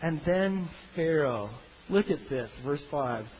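A man delivers a sermon with a bright, high voice that swings widely as he jokes through the story. The recording is dull and lo-fi, with a faint hiss underneath. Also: slow pace. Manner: animated, comic, acts out biblical characters in funny voices. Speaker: pastor.

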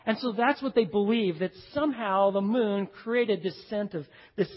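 A male pastor preaching a sermon, emphatic, dropping to hushed low phrases and speaking straight to his congregation. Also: moderate pace. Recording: dull recording with long hall reverb.

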